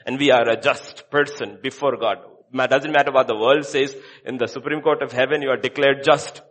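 A man preaching a sermon as a pastor, repeating short phrases and swinging between hushed and loud delivery. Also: medium pitch, steady tone, fairly quick.

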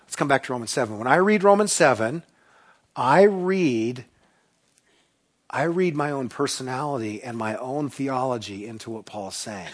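A man preaching a sermon, earnest and confessional, swinging from loud emphasis to hushed asides. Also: medium pitch, animated, moderate pace. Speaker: pastor.

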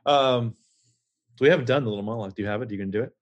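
A man co-hosting a podcast over a remote call, animated and quick to jump into side notes and trivia. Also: mid-range voice, lo-fi sound. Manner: animated, jumping into tangents and trivia. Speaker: podcast co-host. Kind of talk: casual chat. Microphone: remote call setup.

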